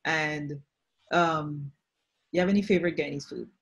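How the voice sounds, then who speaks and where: Host interviewer, middle pitch, breathy tone, halting questions. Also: fairly even intonation, a bit bright. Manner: hesitant questions with fillers. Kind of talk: casual interview.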